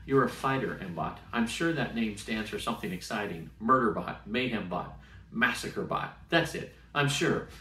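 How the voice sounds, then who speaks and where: A man's voice: fairly low pitch, expressive, normal speed, pushed and bright. A man reading aloud and voicing a brash, scrappy young woman pilot cadet with a punchy, eager delivery. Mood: boastful. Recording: roomy sound from a distant mic.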